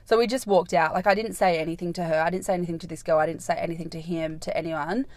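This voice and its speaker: A young woman hosts her own podcast in a casual storytelling monologue. She rambles, leans on "like" constantly and swears freely, and her voice sits fairly low for a woman. It is recorded close on a dry, dead mic. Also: steady tone, quick pace, a little mellow, no room sound. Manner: rambling, heavy "like" fillers, frequent swearing. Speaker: podcast host.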